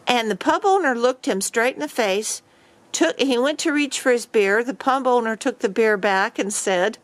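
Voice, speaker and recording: A woman's voice: a little high, expressive, moderate pace, no echo. A woman vlogger casually telling a story to camera, rambling with many fillers and restarts.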